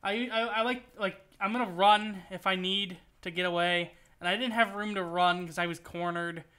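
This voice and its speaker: A man's voice: sits high, fairly even intonation, normal speed, sharp tone, smooth. A man streaming a video game, rambling and joking through his play and swearing when things go wrong. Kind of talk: casual gameplay commentary.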